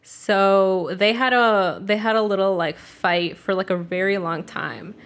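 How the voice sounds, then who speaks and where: A woman's voice: mid-range voice, fairly even intonation, a little slow, fairly bright tone, clean tone. A young woman co-hosting a podcast, telling a family story in a loose, casual way, full of 'like' and swearing. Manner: loose and profane, heavy use of 'like'. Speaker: podcast co-host.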